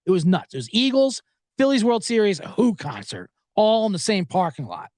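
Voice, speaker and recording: Animated, rambling podcast host. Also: male voice, sits high, moderate pace, dry recording, clean studio sound. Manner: rambling, profane, animated storyteller. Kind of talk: casual storytelling monologue.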